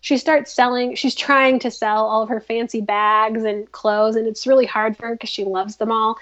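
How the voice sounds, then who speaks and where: A woman's voice: fairly high pitch, fairly even intonation, moderate pace, fairly bright tone, highs cut off. Chatty woman recapping a show. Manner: chatty, filler-heavy storytelling. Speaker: podcast host. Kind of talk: casual drama recap chat.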